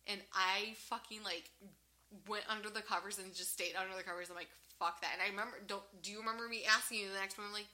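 Female podcast co-host, lively storyteller, bright tone, cusses freely. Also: medium pitch, quick pace. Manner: animated, swears freely, laughs often. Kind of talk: casual storytelling chat.

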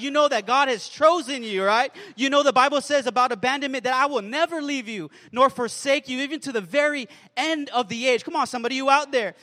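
High-voiced preaching pastor, man. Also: bright, forceful tone, big-room sound. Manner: preachy call-and-response asides. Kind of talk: sermon.

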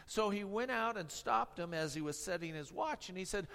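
A man's voice: high-pitched, lively intonation, moderate pace, creaky, few pauses, a bit bright, smooth, in a large hall. A man preaching a sermon, mixing humorous stories with tongue-in-cheek sarcasm. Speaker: pastor.

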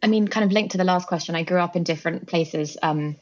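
English woman, low voice, chatty and giggly, dull dry video-call sound. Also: fast talker, no echo. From England. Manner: chatty, giggly, many ums and likes. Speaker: guest, company co-founder. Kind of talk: podcast interview.

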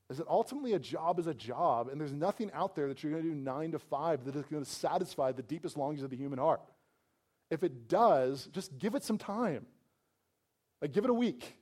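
A man's voice: a little high, a little mellow. Casual, chatty male preacher. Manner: conversational, full of "like" fillers, acts out quoted voices. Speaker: pastor. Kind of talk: sermon.

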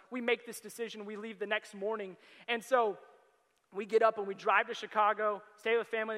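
A young adult man preaching as a youth pastor, telling stories with animation and bursting into loud excited quotes. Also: very high-pitched. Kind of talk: sermon. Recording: long hall reverb.

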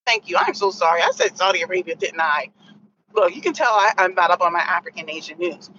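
Animated woman host rambling on a livestream. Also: fairly low pitch, quick pace, dull audio, a little hiss or hum. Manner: animated, rambling, corrects herself mid-thought. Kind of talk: casual livestream commentary.

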